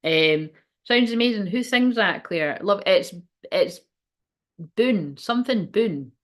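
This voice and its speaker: A woman's voice: mid-range voice, expressive, slow, a bit bright. A woman, giving a casual, rambling tarot reading, swearing freely and laughing often. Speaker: tarot reader and medium.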